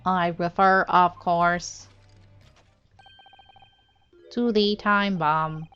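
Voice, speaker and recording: A kooky male villain from a video game speaks in a stiff, low, robotic drawl, as a woman puts him on. The pace is slow and deliberate. The recording is dull and lo-fi, with faint game music behind. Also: fairly even intonation, fairly bright tone, smooth. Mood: smug.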